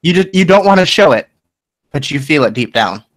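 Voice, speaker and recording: A man narrating as game master of a tabletop game, casual and halting, with frequent restarts and laughs. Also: a little high, big pitch swings, no echo.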